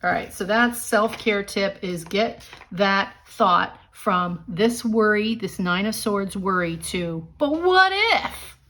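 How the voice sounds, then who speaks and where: A woman's voice: medium pitch, steady tone, takes it slowly, hardly any pauses, fairly bright tone. A woman giving a monthly tarot reading, upbeat and encouraging, talking straight to her viewers. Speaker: tarot reader.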